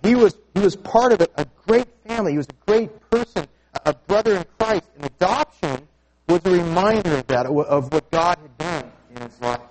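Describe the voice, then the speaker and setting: High-voiced pastor in a reverberant church. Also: male voice, lively intonation, normal speed, a little mellow. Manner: conversational storytelling with frequent restarts. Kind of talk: sermon. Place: church sanctuary. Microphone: stage microphone with sound booth.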